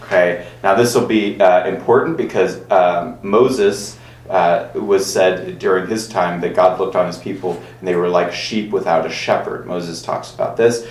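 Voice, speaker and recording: A man's voice: sits low, fairly even intonation, moderate pace. A man teaching a casual Bible class, talking with many fillers and reading verses aloud to his students. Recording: echoey room.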